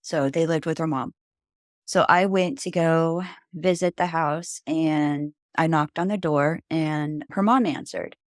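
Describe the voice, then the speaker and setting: A woman's voice: low voice, a little slow, dry recording, studio quality. A woman guest on a podcast, telling a personal story in a rambling, casual way, full of "like" and "you know.".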